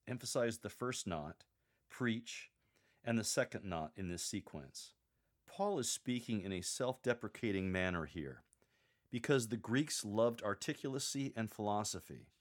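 A man giving calm, measured coaching on how to read a scripture passage aloud, demonstrating the readings himself. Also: on the low side. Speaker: lector coach.

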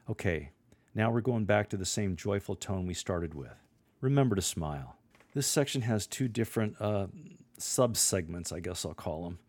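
A man's voice: sits low, darkish tone, no room sound. A man coaching readers on how to proclaim scripture, demonstrating the passages himself. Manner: coaching, demonstrating readings with shifting tone. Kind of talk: instructional podcast on reading aloud.

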